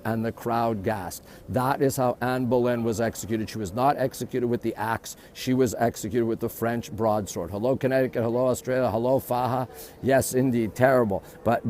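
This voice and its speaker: A man's voice: medium pitch, a little mellow, slight background noise. A man giving a walking live-stream tour outdoors at a historic castle, talking into a handheld phone and breaking off his facts again and again to greet viewers. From Canada. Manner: chatty, greets viewers constantly between facts. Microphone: phone held while walking.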